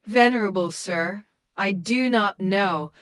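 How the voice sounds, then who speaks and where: Humble young widow, read by a woman, pleading and polite, slow, dry. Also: mid-range voice, fairly bright tone, dry recording. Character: young devout widow with a sick baby.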